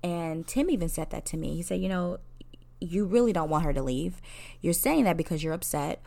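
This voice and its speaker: A woman's voice: fairly low pitch, brisk, gravelly. A woman in her forties, a counselor, candidly telling a personal story in a conversational way, laughing at herself. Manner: candid and conversational, laughing at herself, quoting people in lively voices.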